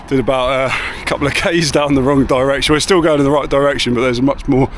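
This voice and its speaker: A man's voice: medium pitch, fairly even intonation, fast. A man casually vlogging as he walks around town, rambling and laid-back with the odd swear word. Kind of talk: casual walking vlog. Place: outdoors on town streets and in a car. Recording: street noise behind.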